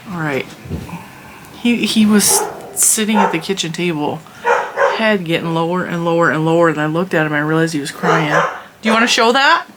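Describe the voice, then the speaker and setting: A woman's voice: lowish voice, lively intonation, measured pace, pauses often, very noisy. A woman hosting a vlog, chatting casually and teasingly with her child in a motherly way.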